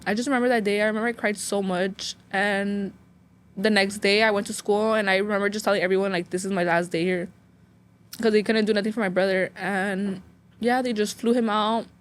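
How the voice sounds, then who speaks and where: Close to tears and fairly quick, a young Phoenix woman speaks in a mid-range voice with fairly even intonation. She's a guest recounting something painful, wandering emotionally through it and leaning heavily on "like" as filler.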